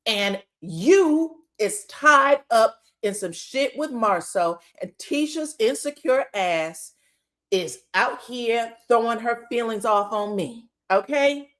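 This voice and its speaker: A woman's voice: a little high, slow. A woman giving a casual, profane gossip recap of a reality show, acting out the people she quotes. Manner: animated, acts out quotes, profane and laughing.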